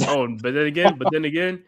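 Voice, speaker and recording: A man's voice: on the high side, fairly quick, over a noisy crowd. A man hosting a live watch-party podcast, doing casual play-by-play with slangy chat and laughs. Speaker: podcast host calling the game.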